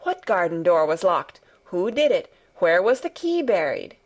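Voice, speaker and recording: A woman's voice: fairly high pitch, animated, normal speed. A woman narrator voicing a sickly, spoiled ten-year-old boy who speaks indifferently and commandingly in an audiobook. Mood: eager. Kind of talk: audiobook character reading.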